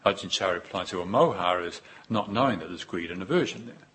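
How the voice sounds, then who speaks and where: A man giving a Buddhist dharma talk, unhurried and reflective, with pauses and repeated phrases. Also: low-pitched, expressive, a bit bright, breathy edge. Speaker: Buddhist teacher.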